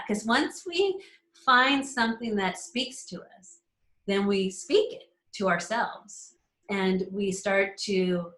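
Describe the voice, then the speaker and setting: A woman's voice: medium pitch, a bit bright. A woman hosting a casual live astrology call, enthusiastic and laughing often as she speaks to members by name. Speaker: host of an astrology community call. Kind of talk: casual live teaching chat. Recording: roomy echo.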